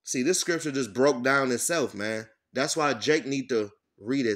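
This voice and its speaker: A man giving an informal sermon. He reads verses slowly, breaks them down bluntly with profanity, and keeps checking in with "all right?". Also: medium pitch, fairly bright tone. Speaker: scripture teacher. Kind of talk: informal sermon with scripture reading.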